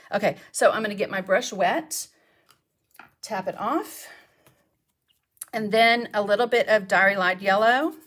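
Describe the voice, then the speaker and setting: A woman's voice: medium pitch, fairly bright tone. A woman, chatting casually as she demonstrates mixed media art techniques and answers viewers' questions. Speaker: craft instructor. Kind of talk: casual live craft demonstration.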